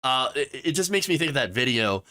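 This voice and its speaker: A man's voice: mid-range voice, big pitch swings, a little fast, bright, forceful tone. A man hosting sarcastic political commentary, mocking and mimicking the people he talks about. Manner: mocking, with exaggerated mimicking voices.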